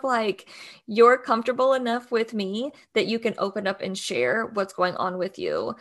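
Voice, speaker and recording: A woman's voice: on the high side, lively intonation, a little slow, fairly bright tone. A young adult woman co-hosting a podcast, chatting casually with plenty of "like" and laughter. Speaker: doula podcast co-host.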